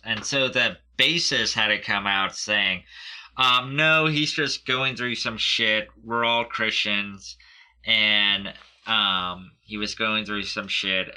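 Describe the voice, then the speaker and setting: A man's voice: on the low side, sharp tone. A man telling a story in casual conversation, laid-back, full of ums and swearing. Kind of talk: casual chat.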